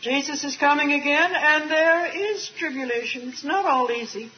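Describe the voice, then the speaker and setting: An older woman preaching a sermon at a retreat, earnest and emphatic, drawing out key words slowly with a light aside now and then. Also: high-pitched, a little hiss or hum. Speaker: speaker at a Christian retreat. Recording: dull archival tape recording.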